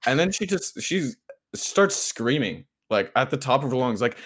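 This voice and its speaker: A man's voice: mid-range voice, sing-song, normal speed, fairly bright tone. A young man co-hosting a podcast, telling a dream story in casual chat, laughing often and using many fillers. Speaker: podcast co-host.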